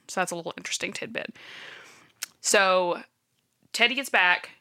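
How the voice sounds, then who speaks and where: A woman's voice: fairly low pitch, sharp tone, clean tone. A woman casually retelling a true-crime case from her notes, with many fillers like "um" and "like". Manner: chatty, filler-heavy, checks her notes. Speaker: podcast co-host.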